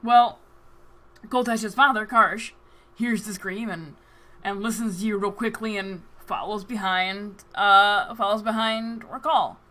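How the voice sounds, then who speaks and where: Bright-voiced woman running a tabletop game. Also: mid-range voice, steady tone. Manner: brisk, asks players what they do. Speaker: game master.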